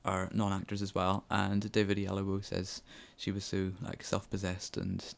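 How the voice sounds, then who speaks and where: A man talks through a film review in a relaxed, rambling way, pausing on ums and restarting his sentences. His voice sits low and has a gravelly, creaky edge. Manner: chatty and hesitant, with many ums and restarts. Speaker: film reviewer on a local podcast.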